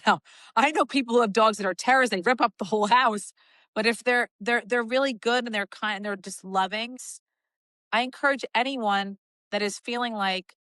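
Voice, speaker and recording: A woman co-hosting a podcast, telling lively stories in casual chat and acting out the people in them. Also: mid-range voice, dry recording. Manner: animated storytelling with quoted voices. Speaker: podcast co-host.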